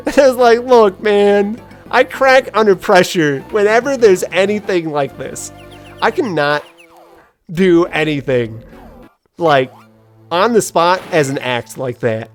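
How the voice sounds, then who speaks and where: A woman gives casual let's-play commentary as she tells a story. She laughs easily, pokes fun at herself, and her voice rises and falls in a very lively way. Faint game music plays underneath. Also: on the low side, takes it slowly. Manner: animated storytelling, self-deprecating, laughs often. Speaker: gaming video host.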